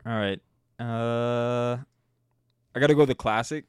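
A man's voice: mid-range voice, fairly even intonation, takes it slowly, darkish tone, smooth, no echo, clean studio sound. A man from Saskatchewan, Canada, hosting a podcast with playful, teasing banter. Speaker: podcast host. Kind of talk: casual chat.

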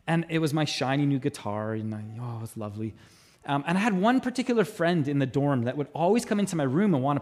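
A middle-aged man preaching a sermon as pastor, telling stories with animated delivery and acting out voices. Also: on the high side. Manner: animated storytelling, mimics voices in anecdotes. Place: church auditorium.

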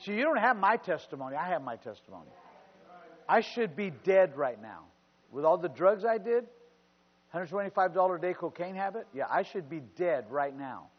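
A man's voice: high voice, big pitch swings, moderate pace. An older man preaching as a pastor, telling personal stories with fervent, rising exclamations. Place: church sanctuary. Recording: muffled church recording with long reverb.

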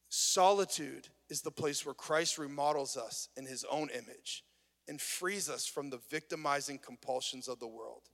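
A pastor speaks in a slightly higher man's voice, preaching in a conversational, earnest way that builds in intensity. His words ring out with the long reverb of a large hall. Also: normal speed, vocal fry, a bit bright. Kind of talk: sermon. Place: worship venue.

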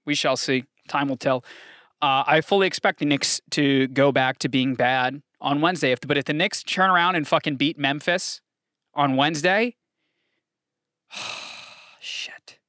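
A man hosting a casual solo sports podcast, excitable and profane, swinging from shouted hype to low muttering. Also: normal speed, no room sound, studio quality. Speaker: podcast host.

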